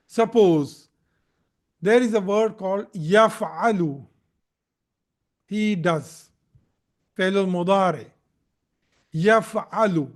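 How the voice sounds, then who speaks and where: A man teaching Arabic grammar in a live recorded lesson. He explains step by step, repeats key points, corrects himself and often checks in with "Okay?". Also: high voice. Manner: slow, repetitive explaining with frequent "Okay?" checks and self-corrections. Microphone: recorded in a live video session.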